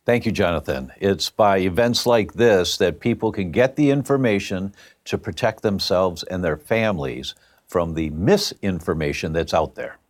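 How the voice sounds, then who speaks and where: A man's voice: low-pitched, lively intonation, moderate pace. A man telling a personal story as a guest, emphatic and plain-spoken.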